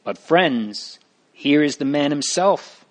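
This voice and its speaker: A man's voice: on the high side, expressive, slow pace, voice pushed up. A man voicing an earnest, brave male pilgrim leader in a storybook, in a solemn telling.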